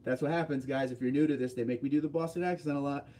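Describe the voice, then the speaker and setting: Mellow-voiced man hosting a casual livestream. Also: medium pitch, fairly even intonation, quick pace. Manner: reads viewer comments aloud and answers them offhandedly. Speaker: livestream host.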